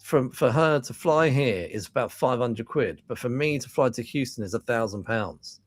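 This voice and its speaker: A man with a London accent hosting a casual film podcast, chatty and quick to laugh, with plenty of fillers and restarts. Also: medium pitch, lively intonation. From England. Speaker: podcast host.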